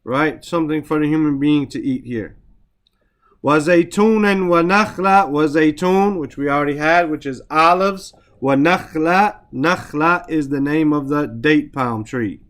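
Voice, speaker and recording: A man teaching the meanings of Quranic verses, reciting the Arabic quickly, then explaining each word slowly with repetitions. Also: on the high side, fairly bright tone. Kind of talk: Quran vocabulary lesson.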